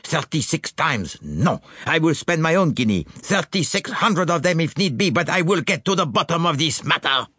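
A man voicing a fussy, proud detective with a French accent, excitable and theatrical, in a dry, close reading. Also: a little high, normal speed, hardly any pauses, slightly rough, no echo, voice pushed up, full character voice. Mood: indignant.

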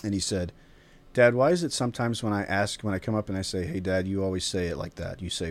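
Low-pitched male host, reflective storyteller, casual round-table chat. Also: fairly even intonation, quick pace. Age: father of a young child. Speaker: podcast host.

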